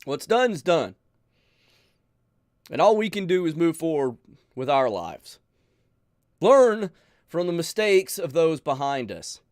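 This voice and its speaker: A man hosting a channel, talking earnestly and emotionally to his viewers, pleading with them, sighing and pausing as he speaks. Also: on the high side, big pitch swings, a little mellow, no echo, clean studio sound. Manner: emotional, pleading, with sighs and pauses. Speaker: channel host. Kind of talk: earnest heartfelt talk to viewers.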